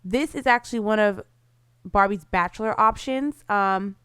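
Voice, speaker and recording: A woman's voice: mid-range voice, normal speed, fairly bright tone, clear, resonant tone, no echo, clean studio sound. A woman giving casual, bubbly commentary over her life-simulation gameplay, full of "like" fillers. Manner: chatty, bubbly, lots of "like" fillers.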